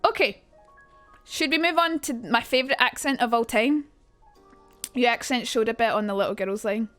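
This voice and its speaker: A woman's voice: on the high side, normal speed, a bit bright, dry recording, faint music behind. A young Scottish woman on a casual live stream, chatting and swearing freely as she talks to her chat about accents.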